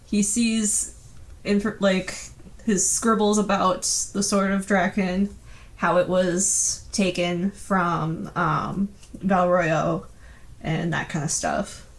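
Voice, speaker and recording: A woman's voice: on the low side, steady tone, slow pace. A woman narrating as game master of a tabletop game, easygoing, with frequent hesitant fillers and laughter.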